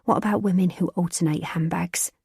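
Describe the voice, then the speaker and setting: A woman narrator voicing a sharp, sceptical woman who questions the plan in a scathing whisper. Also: fairly low pitch, fairly even intonation, fairly quick, gravelly, breathy edge, dry recording, studio quality, exaggerated voice.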